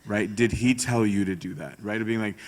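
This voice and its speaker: A man's voice: lowish voice, steady tone, a little fast. A male priest giving a conversational sermon talk, often checking in with a rhetorical "right?". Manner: chatty, tags points with rhetorical "right?".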